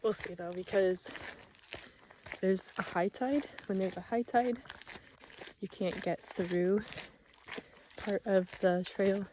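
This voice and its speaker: A woman's voice: mid-range voice, slow pace, pauses often, background noise. A young woman talking casually to her camera while hiking alone on a forest trail, slightly out of breath and chatty about watching for bears. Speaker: vlogger.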